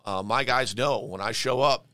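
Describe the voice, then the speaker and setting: A man's voice: medium pitch, normal speed, bright, forceful tone, no echo. A man who flips houses, being interviewed on a podcast, talking emphatically and often repeating words as he starts a thought. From Denver area. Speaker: real estate investor guest.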